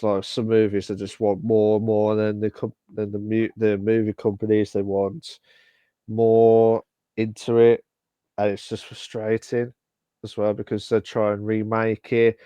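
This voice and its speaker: Smooth-voiced man chatting casually. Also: fairly low pitch, darkish tone, dry recording. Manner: halting, many fillers and restarts. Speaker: podcast co-host. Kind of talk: casual live-stream podcast chat.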